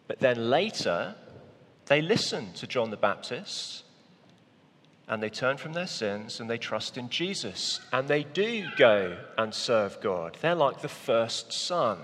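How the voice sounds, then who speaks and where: A man's voice: medium pitch, sing-song, slow pace, a bit bright, in a large hall. A man preaching a children's talk, coaxing young volunteers through a parable they act out on stage. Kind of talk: sermon with volunteers acting a parable.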